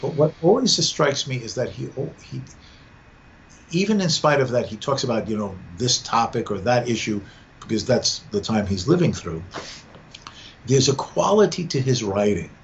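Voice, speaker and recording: A man's voice: mid-range voice, expressive, normal speed, gravelly. A man talking through ideas in a podcast conversation, often repeating words as he gathers his thoughts. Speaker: podcast guest. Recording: dull lo-fi sound with faint background noise.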